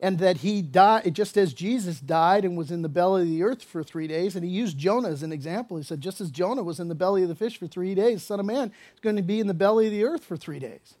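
Casting note: high-pitched male pastor, chatty sermon delivery, jokey asides. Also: expressive, fast, hardly any pauses, a little mellow. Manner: casual, conversational preaching with asides and acted-out dialogue. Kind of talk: expository sermon.

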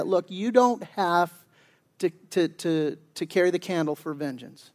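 A man preaching a sermon as a pastor, conversational and emphatic, with slang, frequent restarts and slower, deliberate scripture readings. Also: high-pitched, a little mellow.

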